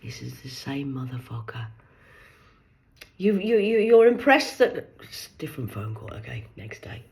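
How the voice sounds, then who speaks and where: This northern English social media creator has a County Durham accent and a lowish, creaky, sing-song voice at normal speed. In a sarcastic monologue to the camera, she tells a mocking story, swearing freely and performing both sides of a phone conversation.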